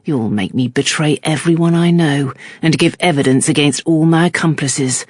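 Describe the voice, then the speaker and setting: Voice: medium pitch, no echo, studio quality, close to an everyday voice. A narrator voicing a surly young male criminal in an audiobook, muttering and sneering.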